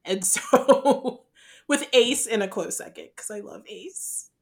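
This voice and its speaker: A woman's voice: mid-range voice, lively intonation, takes it slowly, vocal fry, darkish tone. A woman co-hosting a podcast in casual chat, gushing and laughing often. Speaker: podcast co-host.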